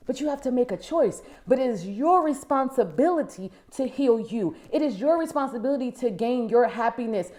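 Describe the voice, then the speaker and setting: A woman life coach speaks straight to her viewers in a motivational talk. Her voice sits a little high but sounds mellow and warm. She hammers her points with emphatic repetition, then drops into quiet, low asides. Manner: preachy and emphatic, repeats key phrases.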